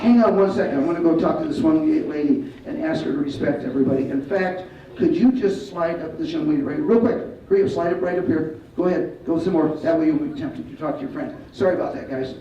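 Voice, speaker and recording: A male martial arts instructor leading a school assembly, giving loud commands and calling for the kids to repeat after him. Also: a little high, quick pace, slight background noise. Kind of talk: school assembly talk with call-and-response. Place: large school hall or gym. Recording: echoey hall, distant, dull sound, faint crowd.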